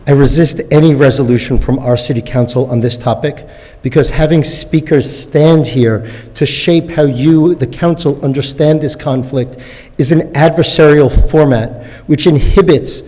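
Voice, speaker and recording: A rabbi gives a prepared comment to a city council in a measured, deliberate way. His voice is mellow and mid-pitched, with a long echo from the chamber.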